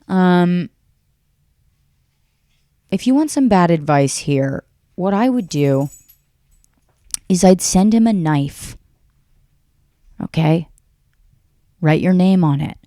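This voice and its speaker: Low-voiced woman, deadpan rambling rant. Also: no echo, studio quality. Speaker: podcast host. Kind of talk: solo comedic rant.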